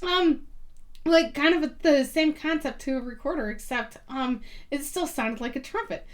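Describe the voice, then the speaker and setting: High-voiced chatty woman telling stories. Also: moderate pace. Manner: chatty storyteller, many ums and likes; laughs easily while telling stories. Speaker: podcast guest. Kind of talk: casual chat.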